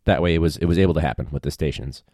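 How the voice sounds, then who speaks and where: A man who is a high school teacher, talking in a casual, rambling monologue with a wry tone and free swearing. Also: rapid-fire, a little mellow, no room sound, clean studio sound.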